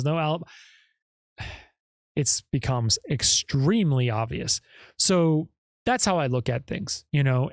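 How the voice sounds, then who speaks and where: A man's voice: a little high, dry recording, clean studio sound. A male podcast host giving emphatic casual commentary and often tagging his points with "okay?" or "right?".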